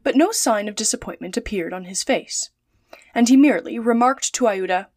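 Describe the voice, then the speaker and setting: A woman narrating a classic adventure novel in a calm, measured read-aloud. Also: a little high, no echo, studio quality. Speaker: storyteller.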